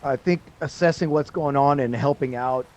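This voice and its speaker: A man plays in a tabletop game, earnestly working out his next move out loud. His voice sits at a middle pitch. Clear background noise runs under the recording. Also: normal speed, low-quality recording. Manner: earnest, thinking aloud. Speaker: player. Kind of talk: casual tabletop play.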